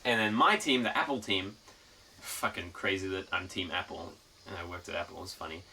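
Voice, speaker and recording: A man chatting casually to his live stream, telling a story in a profane, rambling, animated way. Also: low-pitched, brisk, recorded from a distance, a little hiss or hum. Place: outdoors in the mountains.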